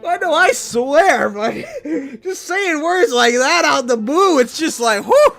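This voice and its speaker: Man commentating a game; loud, profane, giggly, very animated. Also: very high-pitched, slow pace, soft background music. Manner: laughing, swearing, loud asides. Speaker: gaming video creator. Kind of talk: let's play commentary.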